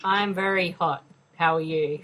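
A woman's voice: fairly low pitch, steady tone, unhurried, fairly bright tone, low-quality recording. A woman hosting a casual podcast chat, teasing her guests and laughing often. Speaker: podcast host.

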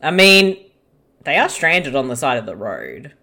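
An Australian speaker riffing with friends over a movie, giggling between dry jokes. The talk is slow and drawn out, with a bright edge to the voice and plenty of rise and fall. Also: medium pitch, huge pitch swings. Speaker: co-host of a movie-watching podcast. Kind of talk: casual chat.

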